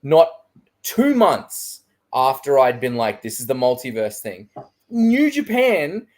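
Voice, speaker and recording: An Australian man in casual podcast chat, full of swearing and acted-out reactions. His pitch jumps up sharply when he gets worked up, then drops back to a mid-range, conversational tone. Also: takes it slowly. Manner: animated storyteller who acts out his own reactions, swears freely. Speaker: podcast co-host.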